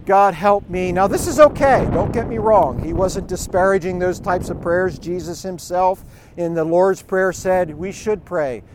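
Brief: middle-aged male preacher, high voice, chatty storytelling delivery, faint outdoor noise behind. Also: unhurried, a little mellow. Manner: conversational, storytelling, chuckling asides. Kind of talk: informal sermon.

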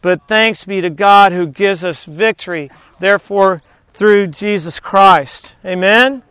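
A man delivering a sermon with emphatic scripture reading. His voice sits high for a man and sounds smooth and crisp. He keeps drawing in the listeners with quick questions. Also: bright, forceful tone, no echo. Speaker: preacher.

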